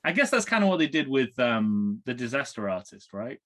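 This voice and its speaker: A man's voice: medium pitch, very animated, a little fast, fairly bright tone. A man co-hosting a podcast, chatting casually during a movie watch-along, rambling and correcting himself as he goes. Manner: rambling, self-correcting, trails off. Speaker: podcast co-host.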